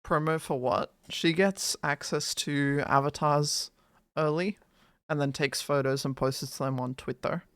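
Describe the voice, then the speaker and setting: A woman streamer with a low, gravelly voice chats in a playful, teasing and goofy way. She talks slowly, and the sound is dry and close on a desk mic. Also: fairly even intonation, no echo. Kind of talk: casual live-stream chat.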